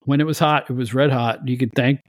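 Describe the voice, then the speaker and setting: A man chatting on a podcast as a guest, telling stories in an animated, opinionated way with frequent restarts. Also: medium pitch, fairly quick, dry recording, clean studio sound. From United States. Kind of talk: casual chat.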